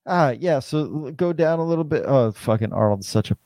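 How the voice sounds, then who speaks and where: A man's voice: fairly high pitch, expressive, fairly quick, mellow, no echo. A man in casual podcast chat, rambling and swearing constantly, with lots of "like" and "dude".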